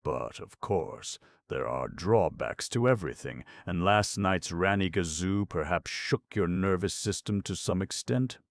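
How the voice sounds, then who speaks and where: A man with a very deep, gravelly voice playing a cheerful, verbose young English gentleman in florid speech. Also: lively intonation, measured pace, hardly any pauses, dry recording, studio quality, heavily acted. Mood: genial. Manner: florid, long-winded, genial.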